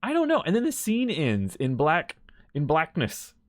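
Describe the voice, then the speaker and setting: A man's voice: fairly high pitch, wildly swooping pitch, normal speed, dry recording, clean studio sound. A man casually recapping and commenting on a video game story, rambling and correcting himself as he goes, with frequent chuckles.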